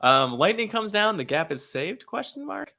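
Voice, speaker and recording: A man co-hosting a podcast in casual chat, animated and profane, laughing often. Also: high-pitched, moderate pace, gravelly. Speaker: podcast co-host.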